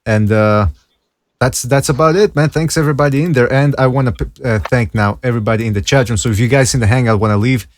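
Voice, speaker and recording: A man's voice: mid-range voice, quick pace, no room sound. Chill guy hosting a podcast call-in, dry close sound. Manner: laid-back, thanks guests by name. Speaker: podcast host. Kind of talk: casual chat.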